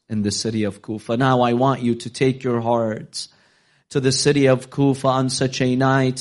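A man preaching a sermon, telling a story with dramatic swings of pitch and loudness, sometimes slowing into a chanted, half-sung delivery. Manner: storytelling, voicing quoted figures, dramatic rises in pitch.

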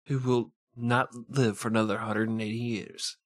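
A man's voice: on the low side, little pitch movement, moderate pace, dry recording, clean studio sound. A man co-hosting a podcast, chiming in with vulgar, joking banter. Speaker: podcast co-host. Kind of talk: casual comedic banter.

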